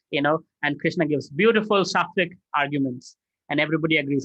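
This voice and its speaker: Male teacher retelling scripture, lively, slightly high voice, dull dry lo-fi recording. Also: fairly quick, no echo. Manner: animated, dramatizing, frequent "right?". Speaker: spiritual teacher. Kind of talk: animated scripture storytelling.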